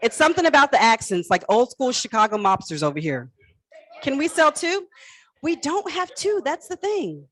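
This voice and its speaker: A woman's voice: high voice, sing-song, normal speed, poor audio. A woman calling a live charity auction on stage, playfully coaxing and teasing bidders by name. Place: event hall stage.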